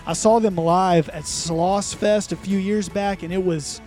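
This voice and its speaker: A man's voice: high-pitched, steady tone, measured pace, darkish tone, soft background music. A man co-hosting a casual podcast, talking enthusiastically and emphatically. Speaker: podcast co-host recommending music.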